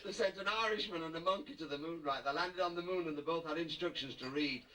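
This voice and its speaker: A man's voice: on the high side, fast, bright, forceful tone. A middle-aged man with a Yorkshire accent doing stand-up at a party, telling jokes in a chatty way and chuckling at his own punchlines. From Yorkshire, England. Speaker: stand-up comedian. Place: hotel function room. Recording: distant mic, noisy room. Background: crowd laughter and room noise.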